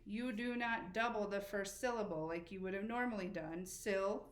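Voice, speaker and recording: A woman teacher giving a spelling lesson to children, patient and encouraging, slowly spelling letters out. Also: medium pitch. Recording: echoey room with faint background noise.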